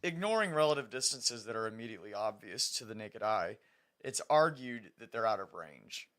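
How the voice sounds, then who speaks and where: Bright-voiced man arguing a point. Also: on the low side, expressive, a little fast. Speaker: podcast co-host. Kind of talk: casual chat.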